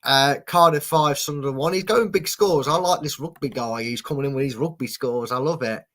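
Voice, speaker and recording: A man's voice: mid-range voice, fairly quick, a bit bright. A man hosting a casual football prediction show, chatty and teasing as he reads out viewer predictions. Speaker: host.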